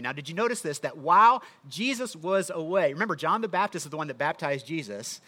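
A man's voice: on the high side, expressive, a little fast, hardly any pauses, bright, forceful tone. A man preaching a sermon in a conversational teaching manner, often asking the listeners rhetorical questions. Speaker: pastor.

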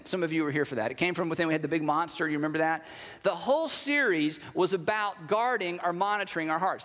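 Here a pastor with a high, a bit bright voice preaches a sermon, chatting conversationally and acting out everyday exchanges. Long hall reverb colors the audio.

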